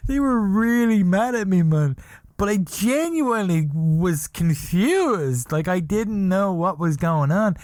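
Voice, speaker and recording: A man's voice: sits high, animated, slow pace, a little mellow, dry recording. A man hosting a podcast, telling a rambling comic story and laughing at his own jokes. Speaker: podcast host.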